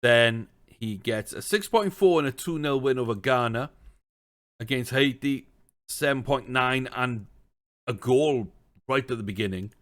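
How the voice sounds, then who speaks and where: A man's voice: medium pitch, expressive, a little slow, fairly bright tone. A man giving casual let's-play commentary on a football management game, chatty and thinking aloud, with bursts of exasperated ranting. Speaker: gaming streamer.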